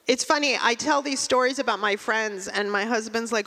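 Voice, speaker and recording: Deadpan woman doing stand-up. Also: a little high, moderate pace, hardly any pauses, big-room sound. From Russia. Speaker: stand-up comedian. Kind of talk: stand-up comedy set.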